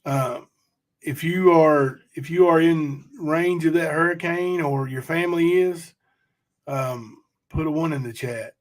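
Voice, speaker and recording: A man's voice: a little high, measured pace. A man hosting a casual livestream, chatting loosely and reading out viewer comments. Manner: chatty, rambling, addresses chat directly. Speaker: livestream host.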